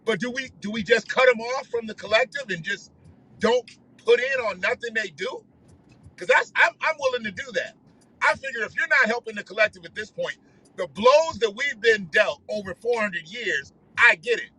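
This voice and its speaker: High, lively ranting man. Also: normal speed, husky, poor audio. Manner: profane, animated ranting. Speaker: livestream host. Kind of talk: casual ranting monologue. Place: in a car while driving.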